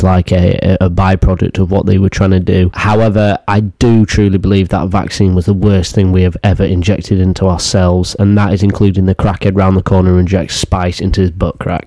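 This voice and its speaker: A man with a low, mellow voice rambles through a comedic commentary, crude and jokey, half reading and half riffing. The sound is dry and close. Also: no echo. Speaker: YouTuber.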